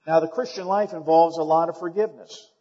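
A man's voice: a little high, steady tone, brisk. Man preaching in a reverberant church. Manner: emphatic preaching with rising, loud emphasis; calls out to the congregation. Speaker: pastor. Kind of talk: sermon. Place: church sanctuary. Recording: dull lo-fi sound with long hall reverb.

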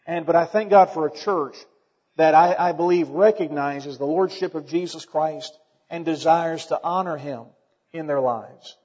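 A man's voice: on the high side, moderate pace, darkish tone, slightly rough. A man preaching a sermon as pastor, plainspoken and emphatic, building to fervent peaks. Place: church sanctuary. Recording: muffled church recording with long reverb.

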